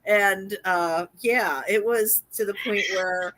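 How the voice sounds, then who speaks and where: A woman's voice: medium pitch, slow pace, fairly bright tone, dry recording. A woman co-hosting a casual live stream, chatting, explaining things and reading out viewer comments. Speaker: co-host.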